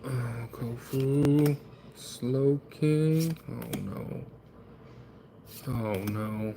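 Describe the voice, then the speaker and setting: A man's voice: mid-range voice, measured pace, pauses often, a little hiss or hum. A man streaming himself opening trading card packs, chatting in a rambling, wry, self-deprecating way.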